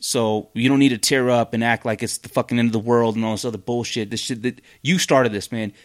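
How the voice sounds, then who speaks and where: A man hosting a podcast, delivering a blunt, heated, profane rant in casual commentary with many fillers and restarts. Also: medium pitch. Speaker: podcast host.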